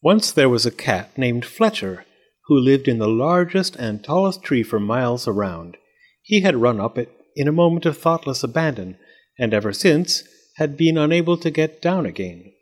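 A man narrates a picture book in a middle-pitched voice. His reading is measured, and its intonation rises and falls in a very animated way. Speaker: storyteller. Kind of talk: storybook read-aloud.

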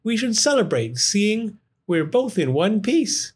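Man doing a fussy male squirrel, plans ahead, hoarder, high insistent voice, storybook voice. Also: very animated, takes it slowly, breathy edge, heavily acted. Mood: cheerful.

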